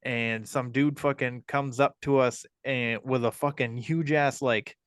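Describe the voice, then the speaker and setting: A man's voice: medium pitch, steady tone, measured pace, clean tone, no echo. A man hosting a podcast, telling a story in a casual, rambling way with lots of swearing, fillers and restarts. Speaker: podcast host.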